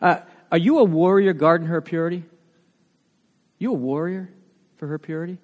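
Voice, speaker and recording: A man with a New England accent, a pastor preaching a sermon in a lively, conversational way, full of rhetorical questions. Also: on the high side, normal speed, muffled recording. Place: church sanctuary. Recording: long church reverb.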